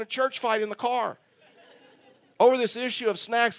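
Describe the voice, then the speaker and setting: A man's voice: very high voice, steady tone, normal speed, long pauses, fairly bright tone. An older man preaching a sermon as pastor, emphatic and repetitive, telling a family story in church. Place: church sanctuary.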